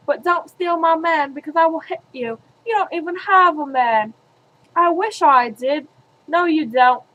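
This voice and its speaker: A woman's voice: high voice, measured pace, highs cut off. A young woman vlogging in a silly, playful casual chat, joking around and bickering with herself.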